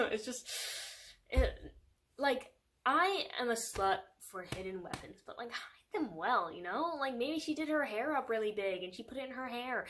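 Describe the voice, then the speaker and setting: Animated and fairly bright, with a voice on the high side, a young woman talks through a book review at a moderate pace. Her tone is chatty and sarcastic, "like" pops up constantly, and laughter comes often.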